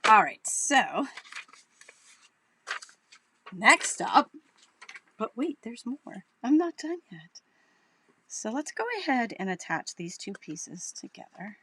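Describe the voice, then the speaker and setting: A woman's voice: fairly high pitch, big pitch swings, slow, pauses often, bright, forceful tone, slight background noise. A woman with a Boston accent giving a chatty, upbeat live crafting tutorial, thinking aloud as she works. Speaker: craft demonstrator.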